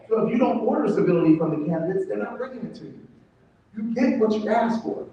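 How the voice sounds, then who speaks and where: A man's voice: high voice, fast talker. A man from Kansas giving a motivational talk to a live audience, telling stories and acting out the dialogue. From Kansas, United States. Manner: animated storytelling, acts out dialogue with shifting voices. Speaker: motivational speaker. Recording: very echoey, distant from the mic, dull.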